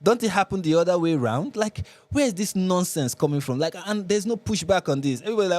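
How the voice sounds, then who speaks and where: A man's voice: high voice, expressive, fast, few pauses, darkish tone, dry recording. A Nigerian man hosting a live reaction show, commenting with sarcasm and exasperation.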